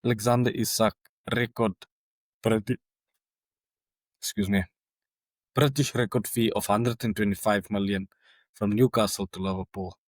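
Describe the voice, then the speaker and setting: A man's voice: lowish voice, fairly even intonation, normal speed, long pauses, dry recording. A man hosting a football podcast in a casual monologue, chatty and exasperated, stumbling over names.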